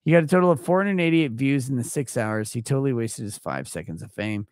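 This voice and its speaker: A man's voice: mid-range voice, animated, fast talker, a little mellow, dry recording, clean studio sound. A man hosting a livestream, talking casually in a crude, profane, brash way while reading out viewer messages. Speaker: livestream host.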